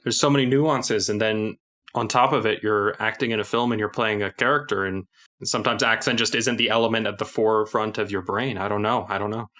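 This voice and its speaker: A man's voice: lowish voice, steady tone, fairly quick, pushed and bright. A man co-hosting a film podcast, chatting casually with a dry, wry sense of humor. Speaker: podcast co-host.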